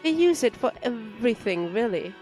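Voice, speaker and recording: A woman's voice: a little high, sing-song, normal speed, a little mellow, soft background music. A woman voicing a defensive, irritable male cafeteria manager, reading game dialogue aloud in an exasperated, lecturing way.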